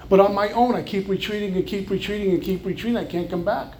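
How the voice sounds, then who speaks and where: High-voiced New York man telling his story. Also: fast, a little mellow, a little hiss or hum. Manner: earnest storytelling with wry humor. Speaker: recovery speaker. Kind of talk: personal recovery testimony.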